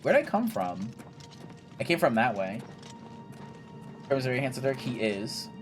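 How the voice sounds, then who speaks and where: A man's voice: mid-range voice, sing-song, moderate pace, music in the background. A young man casually commentating his gameplay, chatty and jokey, swearing freely and talking to himself and the game characters. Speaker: gaming video creator.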